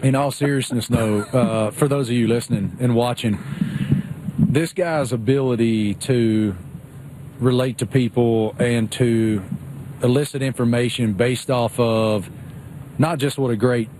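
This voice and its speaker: Casting: male co-host, mid-pitched, teasing sports banter, faint noise behind. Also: a little slow, rough recording. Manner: joking, teasing, animated. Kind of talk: casual banter on a sports show.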